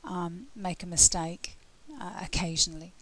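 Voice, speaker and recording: A British woman, a language test tutor, explaining scoring criteria in a relaxed, conversational way with frequent fillers and restarts. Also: lowish voice, moderate pace, rough recording. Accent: British English. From Britain.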